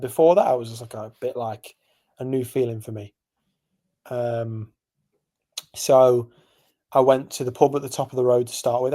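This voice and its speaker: A young Englishman with a medium-pitched, slightly mellow voice co-hosts a podcast, rambling through the story of a night out. His middle-register delivery is loose and casual, packed with fillers and side comments.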